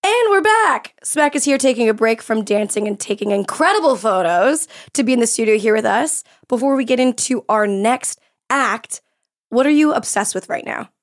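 American woman, podcast host, a little high, self-mocking and quick to laugh. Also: lively intonation. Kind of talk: casual chat.

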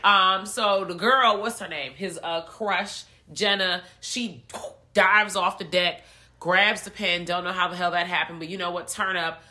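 A woman co-hosting a podcast, retelling a movie in animated, profane casual chat full of slang. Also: fairly low pitch, measured pace. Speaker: podcast co-host reviewing a film.

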